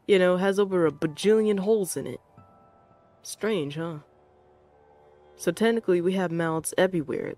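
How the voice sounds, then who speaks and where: A VTuber streamer in casual live game-stream commentary, rambling and joking with lots of fillers and minced oaths, and bursting into excited yelling during gameplay. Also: mid-range voice.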